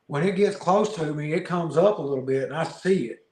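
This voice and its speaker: Animated male storyteller in a roomy room. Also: on the high side, fairly quick. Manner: animated storyteller, laughs often, repeats words. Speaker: podcast guest, fishing video creator. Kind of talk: casual storytelling interview. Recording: roomy echo.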